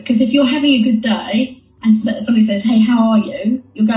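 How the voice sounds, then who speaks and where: A woman's voice: a little high, a little fast. A woman guest, a former hostage negotiator, speaking in a thoughtful conversational way and repeating her key phrases. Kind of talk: conversational interview. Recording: dull lo-fi roomy call audio.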